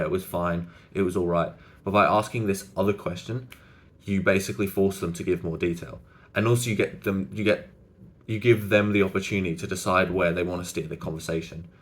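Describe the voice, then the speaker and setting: Casual young man giving advice. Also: low-pitched. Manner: loose and conversational, many "like" fillers and restarts. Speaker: social skills coach. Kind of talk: casual to-camera advice talk.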